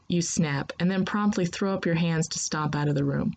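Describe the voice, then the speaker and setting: A woman narrating a second-person story in a steady, unhurried reading voice. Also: low voice, vocal fry, rough recording.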